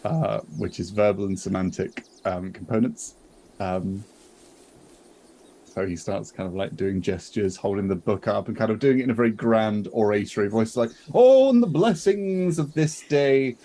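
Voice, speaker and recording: A British man playing a cleric in an improvised tabletop game, playful and quick to laugh. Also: lowish voice. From Britain. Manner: playful, laughs often, animated. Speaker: player.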